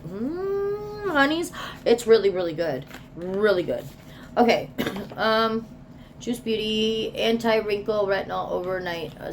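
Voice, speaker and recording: A woman's voice: mid-range voice, a little hiss or hum. A woman chatting casually as she unboxes products, reading product descriptions aloud and sometimes dropping to a whisper. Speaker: beauty vlogger.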